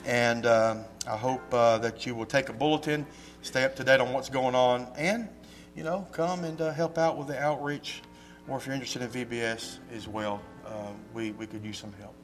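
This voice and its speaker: Man, pastor, folksy animated delivery, slight cough, faint background music. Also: mid-range voice, moderate pace. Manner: folksy, animated storytelling with emphatic rises. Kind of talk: church announcements and sermon talk. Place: church sanctuary.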